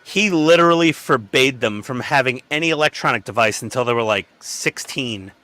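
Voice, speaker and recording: Male stream regular, crisp bright voice, talks casually, acts out quotes in his stories. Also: normal speed, no echo. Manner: animated storyteller who acts out quotes with sudden pitch jumps. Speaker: model-building stream regular. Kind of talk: casual group chat while building.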